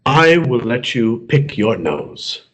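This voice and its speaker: A man voicing God in a joke, speaking slowly and grandly with fatherly tenderness. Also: darkish tone, close to an everyday voice. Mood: solemn. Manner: slow, deep and grandly tender. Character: slow solemn male God, fatherly.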